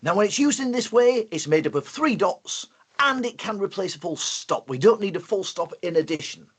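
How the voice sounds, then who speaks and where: A man with a Yorkshire accent presenting a playful, excitable live online lesson for primary school children. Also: sits high, normal speed, breathy edge.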